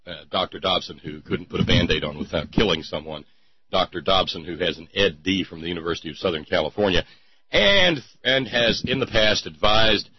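A man's voice: deep voice, husky, dry recording. A man hosting a sarcastic commentary show, rambling with lots of fillers. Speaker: host. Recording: dull lo-fi podcast mic.

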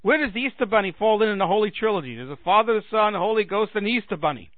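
A man's voice: high-pitched, animated, very fast, dry recording, narrow, tinny audio. A man hosting a talk show, delivering a sarcastic comedic monologue with a ranting manner. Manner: sarcastic ranting with mocking put-on voices. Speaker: radio talk host.

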